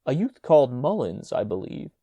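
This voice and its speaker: A man voicing a shrill, indignant, prim new schoolmaster who cries out in outrage, in an audiobook story. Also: sing-song, normal speed, dark tone, dry recording. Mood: aggrieved. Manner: outraged exclamations.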